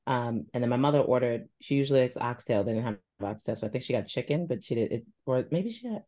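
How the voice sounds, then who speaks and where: A woman co-hosting a podcast in casual chat, relaxed and rambling, often trailing off quietly. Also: very deep voice, quick pace. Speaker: podcast co-host.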